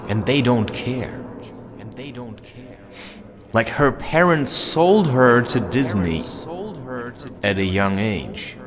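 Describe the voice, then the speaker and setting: Man, slow unhurried talk, rambling musings, handheld camera, forest at night, crowd noise behind. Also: mid-range voice, expressive. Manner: meandering, self-interrupting, talks while walking. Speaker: vlogger.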